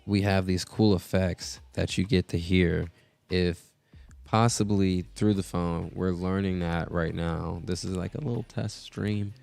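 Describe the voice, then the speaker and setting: A man's voice: deep voice, steady tone, a little slow, vocal fry, a little mellow, dry recording. A man hosting a casual live stream, rambling with many filler words as he talks into a podcast mixer setup. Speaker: host.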